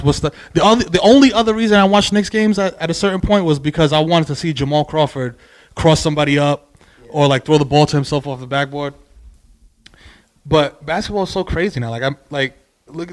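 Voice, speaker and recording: A young man telling animated, profane stories on a podcast, wandering off on tangents. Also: on the high side, fairly quick. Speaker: podcast guest. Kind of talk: casual podcast chat.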